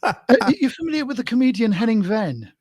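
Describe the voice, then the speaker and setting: A man's voice: extremely high pitch, very animated, fast, a little mellow, husky, no echo, clean studio sound. British man in hesitant, chatty talk. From Britain. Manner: tells jokes with put-on voices, hesitant fillers. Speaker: guest. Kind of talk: casual chat.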